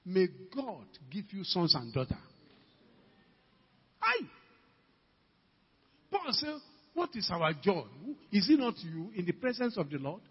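A man's voice: sits high, very animated, takes it slowly, long pauses, breathy edge. An older man preaching a fervent sermon as pastor, acting out quoted conversations as he exhorts the congregation. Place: church hall. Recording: dull lo-fi church recording with long reverb.

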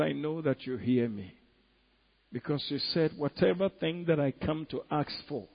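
A man preaching a sermon, moving between hushed pleading and loud, emphatic bursts. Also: medium pitch, husky, muffled recording.

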